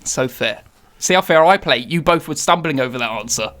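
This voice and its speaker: Man, film podcast co-host, quizmaster, swooping lively pitch, teasing, casual banter. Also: a little fast. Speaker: podcast co-host running a quiz.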